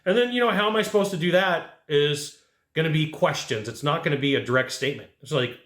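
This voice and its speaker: A man coaching salespeople in an animated way, acting out his customers' lines as he goes. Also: a little high, quick pace. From California. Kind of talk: energetic coaching monologue. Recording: roomy echo.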